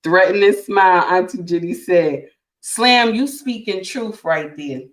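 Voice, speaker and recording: A woman's voice: fairly low pitch, unhurried, echoey room. A woman hosting a casual relationship talk to her live chat, emphatic and repetitive, calling listeners honey and my dear. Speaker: livestream host.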